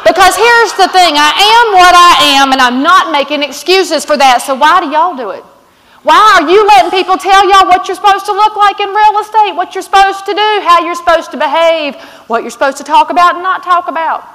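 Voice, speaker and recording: A woman's voice: extremely high pitch, a little fast, pushed and bright. A blunt, outspoken woman with a Southern accent giving a fiery keynote at a conference. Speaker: conference speaker. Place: large conference hall. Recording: long hall reverb from stage.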